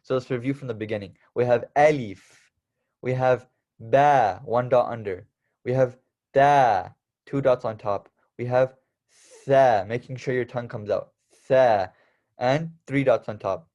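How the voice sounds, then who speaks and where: A young man teaches the Arabic alphabet in a casual, unhurried way, his mid-range voice slightly mellow. He patiently drills every letter sound, repeating and stressing each one, though the audio is dull.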